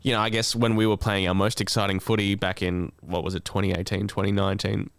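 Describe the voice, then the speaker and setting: Low-voiced measured man. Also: level tone, gravelly, clean tone, no echo. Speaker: podcast co-host. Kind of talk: casual sports podcast chat.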